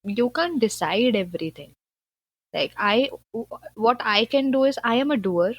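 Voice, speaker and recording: A woman's voice: fairly high pitch, lively intonation, normal speed, husky, no echo, lo-fi sound. A woman from Punjab, India, speaking as a podcast guest in an earnest, chatty way, full of "like" and "you know". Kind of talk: casual conversational interview.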